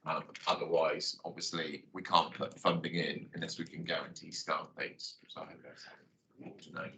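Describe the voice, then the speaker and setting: Senior officer, man, very low monotone, bright edge, briefing a board. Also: gravelly, a little hiss or hum, poor audio. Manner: measured, explanatory. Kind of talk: formal briefing.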